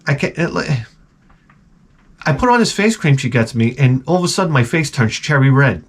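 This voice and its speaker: Middle-aged male host, casual comedic rant, swears freely, stumbles and restarts, mid-pitched voice. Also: lively intonation, normal speed, slightly rough. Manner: profane, rambling, self-mocking storytelling with stammered restarts. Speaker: show host.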